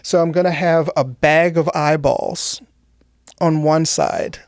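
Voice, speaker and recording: Young woman, gravelly fry, deadpan guest comic, dry close sound. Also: deep voice, slow pace, dry recording. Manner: deadpan, dark humor, laughs at own jokes. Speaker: guest comedian. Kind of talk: casual interview chat.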